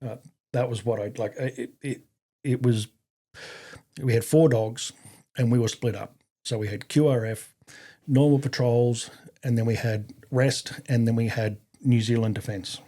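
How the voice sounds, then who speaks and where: A middle-aged Australian army veteran tells stories casually, with a steady, dark, medium-pitched voice at a measured pace. He rambles, fills gaps with lots of fillers and restarts, and acts out the voices of people he quotes.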